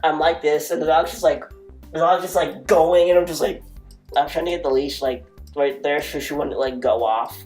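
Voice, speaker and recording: A man's voice: on the high side, fairly even intonation, normal speed, darkish tone. Rambling storytime guy, faint music behind. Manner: rambling, filler-heavy, dramatic self-mocking asides. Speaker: vlogger. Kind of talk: casual storytime monologue.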